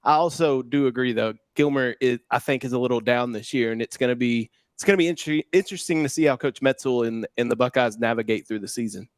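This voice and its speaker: A man's voice: medium pitch, quick pace, few pauses, dry recording. Dry-sounding man in his thirties. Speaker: sports show co-host. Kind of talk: casual sports talk.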